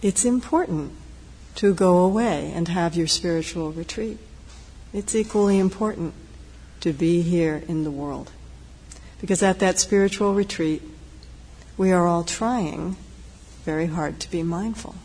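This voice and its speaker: Gentle woman giving a meditation talk. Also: on the low side, husky. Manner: gentle, reflective, unhurried with pauses. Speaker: meditation teacher. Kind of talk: dharma talk. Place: meditation hall. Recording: long hall reverb, faint noise.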